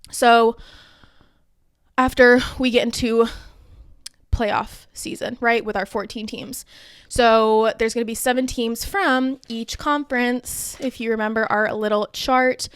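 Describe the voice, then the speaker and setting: A woman's voice: a little high, clear, resonant tone, no room sound. A young woman hosting a podcast, casually explaining a topic in a chatty, self-deprecating way with plenty of fillers. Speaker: podcast host.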